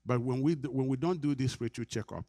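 A man's voice: medium pitch, fast talker, warm tone, no room sound. A middle-aged Nigerian man preaching a sermon as pastor, earnest, repeating his phrases and laughing often.

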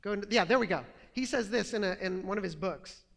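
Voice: medium pitch, quick pace, gravelly, in a large hall. A preacher giving a conversational sermon. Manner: conversational, reading a quote aloud.

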